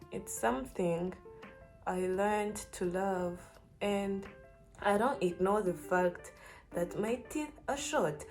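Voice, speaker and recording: A woman's voice: lowish voice, gravelly, a little mellow. A young woman giving casual, earnest advice to camera, encouraging and full of "like" and "you know". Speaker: vlogger.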